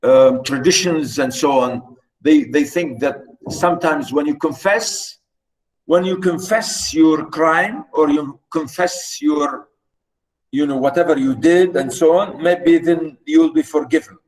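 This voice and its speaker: A male lecturer walks listeners through a novel at a slow, patient pace. His voice sits a little high, and he restates each idea with frequent fillers as he explains. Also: a little mellow, rough recording. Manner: explanatory, repeats points, many "you know" fillers. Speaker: literature lecturer.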